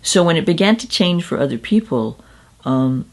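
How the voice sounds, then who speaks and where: A woman's voice: sits low, big pitch swings, normal speed. A woman in her fifties, a psychic medium, telling her story in an interview in a candid, conversational, self-deprecating way.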